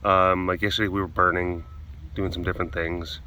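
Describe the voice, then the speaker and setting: A man's voice: low voice, flat delivery, a little fast, pushed and bright, a little hiss or hum. A man vlogging at a big cat compound, talking in a rambling, chuckling, self-deprecating way while filming on a phone held close. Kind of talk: casual vlog chat. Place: animal compound, filming through a glass door.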